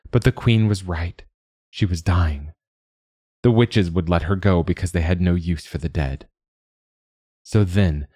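A man reading a fantasy story aloud in a measured, deliberate way as a podcast narrator. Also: deep voice, dark tone, dry recording, clean studio sound. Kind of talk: scripted narration.

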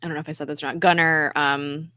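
A woman's voice: low-pitched, fast talker, no echo. A woman co-hosting a podcast, casually recapping a TV episode and acting out the characters' lines as she tells it. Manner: animated, recounts scenes by acting out lines. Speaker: podcast co-host. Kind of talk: casual chat recapping a TV show.

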